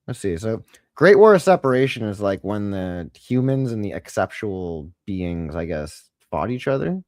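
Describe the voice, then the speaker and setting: Casting: male podcast co-host, animated swoops in pitch, dry close sound, rambling and swearing. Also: normal speed, no echo. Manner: rambling, profane, mocking. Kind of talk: casual chat.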